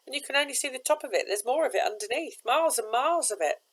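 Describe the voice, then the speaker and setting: A woman voicing a kindly boatman with a strange accent, speaking gently and reassuringly in a storybook reading. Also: sits high, expressive, fast talker, voice pushed up, poor audio. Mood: musing.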